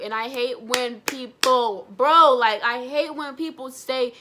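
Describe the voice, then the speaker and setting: A young woman vlogger telling a personal story in a blunt, animated way, swearing freely. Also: sits high, slow, noisy background. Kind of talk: storytime vlog.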